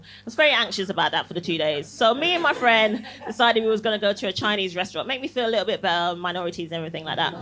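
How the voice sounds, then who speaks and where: A woman's voice: fairly high pitch, sharp tone. A young woman doing a chatty, punchy stand-up set on a comedy club stage, tagging jokes with "yeah?" and laughing at her own lines. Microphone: handheld stage mic.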